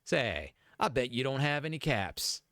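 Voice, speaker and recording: A man voicing a haughty older woman who haggles over a price, in a soft, lowered, mock-posh voice. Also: big pitch swings, a little slow, no echo, clean studio sound.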